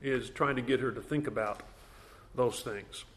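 A man's voice: medium pitch, moderate pace, a bit bright. A man leading a Bible study class in a conversational way, asking the group questions.

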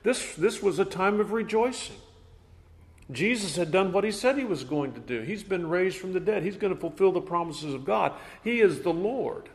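A man's voice: sits high, lively intonation, a little fast, few pauses. A man leading a Bible study class in a conversational way, asking the group questions.

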